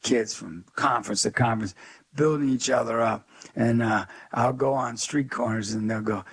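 A man's voice: medium pitch, moderate pace, gravelly, husky. A man being interviewed as a guest, telling stories with energy and emphasis and acting out the people he quotes. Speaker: guest, youth speaker. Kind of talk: animated storytelling interview.

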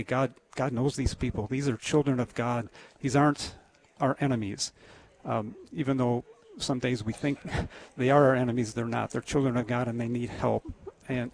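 A man talking as a radio guest in an earnest, halting way, with many restarts. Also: mid-range voice, vocal fry, a little mellow. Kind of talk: casual radio interview.

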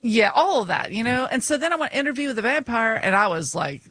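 A woman's voice: fairly high pitch, lively intonation, fast, fairly bright tone. A woman co-hosting a podcast in casual chat, talkative, self-mocking and laughing often. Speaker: podcast co-host.

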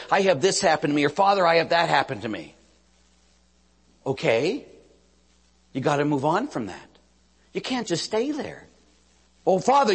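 A Catholic priest delivers a storytelling sermon with a husky, slightly raised voice that swings widely in pitch. He goes from loud emphatic peaks to near-whispers. His words ring out in a long church reverb. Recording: reverberant hall.

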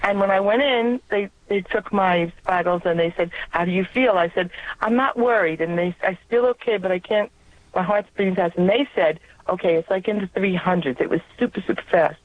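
Her voice sits on the low side and moves briskly as she phones in to a radio program. The New York woman earnestly recounts a personal faith story, heard through a tinny telephone line.

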